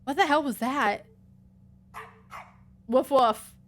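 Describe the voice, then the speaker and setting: Casting: woman streamer, chatty let's-play commentary, slightly high voice. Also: slow pace. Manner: chatty, musing aloud with many 'like's; reads game dialogue aloud. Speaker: game streamer.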